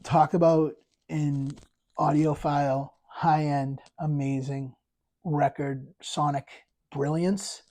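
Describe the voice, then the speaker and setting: Excited man rambling about records. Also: fairly high pitch, slow. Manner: enthusiastic, rambling with many fillers and restarts. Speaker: vinyl collector channel host. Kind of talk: casual record review vlog.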